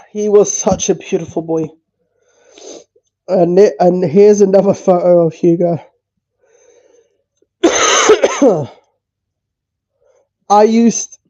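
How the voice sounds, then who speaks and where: Tearful man, halting and repetitive speech, swears, slow pace, dull lo-fi stream audio. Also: high-pitched, mellow. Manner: halting, repeats words, swears. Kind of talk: emotional livestream talk.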